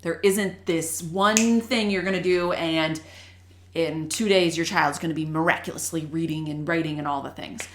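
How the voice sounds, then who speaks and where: A woman's voice: low-pitched, moderate pace. A woman in her thirties hosting a show, chatting casually and jokily with parents about reading. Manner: chatty, lively, jokey. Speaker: show host and reading teacher. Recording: echoey room.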